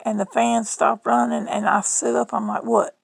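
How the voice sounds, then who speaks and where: A middle-aged Southern woman talking to her phone in a loose, rambling vlog, folksy and chatty. Her voice sits a little high and is heavily gravelly with vocal fry. The sound is dry and close, with almost no room around it. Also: little pitch movement, normal speed, dry recording, low-quality recording. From Southern United States. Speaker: vlogger. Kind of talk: rambling casual monologue.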